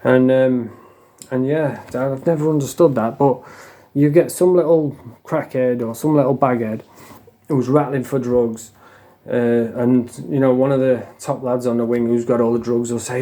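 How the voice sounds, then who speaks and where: A man tells stories in a loose, casual way, swearing freely and breaking into a laugh now and then. His voice sits at a middle pitch with a mellow, dark tone. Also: fairly even intonation, normal speed. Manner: blunt, heavy swearing, laughs while telling. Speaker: storyteller. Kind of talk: casual storytelling.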